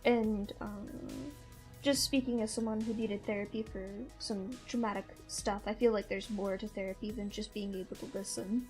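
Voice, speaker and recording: A woman's voice: mid-range voice, fairly even intonation, normal speed, darkish tone. A young woman with a mixed Midwestern and Southern American accent, chatting casually as a stream host, rambling and laughing often, with faint music behind her. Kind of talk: casual chat.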